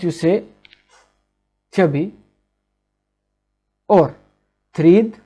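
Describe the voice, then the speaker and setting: Slow, mellow male teacher. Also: on the high side, dull audio. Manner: slow and deliberate, repeating words. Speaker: Arabic teacher. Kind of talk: slow language lesson.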